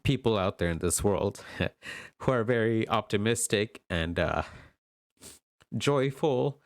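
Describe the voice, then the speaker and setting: A man giving a gentle, affirming pick-a-card tarot reading, tearful and emotional as he talks. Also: fairly low pitch, lively intonation, slow, no room sound, clean studio sound. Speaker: tarot reader.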